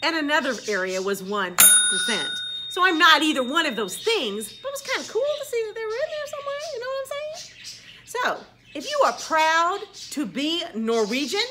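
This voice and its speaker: A middle-aged woman, a teacher, chatting casually into the camera and telling stories about her students with animated quoted voices. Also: sits high, noisy background. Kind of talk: casual vlog monologue.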